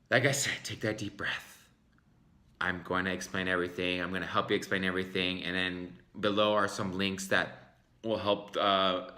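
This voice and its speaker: A man hosting his own sports fan vlog, talking casually to camera with excitable, dramatic swings between loud outbursts and quiet asides. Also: on the low side.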